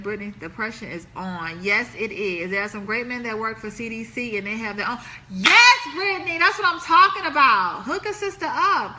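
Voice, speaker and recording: Woman, casual live-stream chat, bright tense voice, slightly high. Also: a little hiss or hum. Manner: chatty, laughing, talks straight to viewers. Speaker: host of a live relationship stream.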